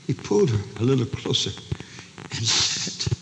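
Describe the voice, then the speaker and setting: An older man preaching a dramatic sermon to a large camp meeting, acting out each character's voice, shouting one moment and whispering the next. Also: medium pitch, sing-song, measured pace. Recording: live sermon recording, long hall reverb, faint noise.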